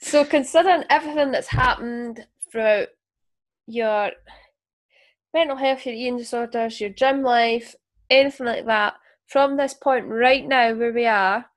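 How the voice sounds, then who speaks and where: A woman's voice: fairly high pitch, unhurried. A young woman with a Scottish accent, chatting casually and asking questions as the interviewer, laughing often. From Scotland. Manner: chatty, laughs often, says "aye" and "wee". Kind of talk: casual chat.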